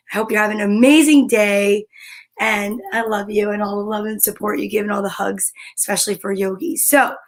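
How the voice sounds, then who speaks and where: A woman hosting a live stream in an upbeat, effusive chatting style, greeting viewers warmly by name and stretching out her hellos. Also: fairly high pitch. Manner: stretches out greetings slowly, sometimes drops to a soft whisper. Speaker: live-stream host and comedian.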